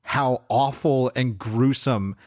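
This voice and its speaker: Excited man retelling a film, dry sound. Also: medium pitch, slow, dry recording. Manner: enthusiastic retelling, laughs often. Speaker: podcast co-host. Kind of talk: casual film discussion.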